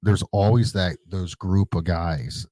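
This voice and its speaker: A man's voice: sits low, slow pace, mellow, no echo. A male podcast host who talks in a laid-back, reflective way and swears casually. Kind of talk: casual interview.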